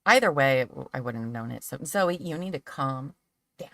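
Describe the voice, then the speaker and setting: A woman hosting a relaxed livestream chat, talkative and giggly, gushing about her favorite shows. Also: rumbling low, moderate pace, a crowd in the background. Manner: chatty and giggly, gushes over favorite shows. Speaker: livestream host. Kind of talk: casual chat.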